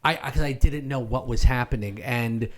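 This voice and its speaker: Woman podcast guest, excitable casual storyteller. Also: very deep voice, normal speed. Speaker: guest, security. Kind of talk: casual chat.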